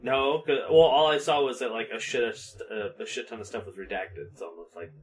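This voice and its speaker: A man's voice: mid-range voice, fairly quick. A young man from the United States, co-hosting a podcast, ranting in casual chat with heavy profanity. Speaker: podcast co-host.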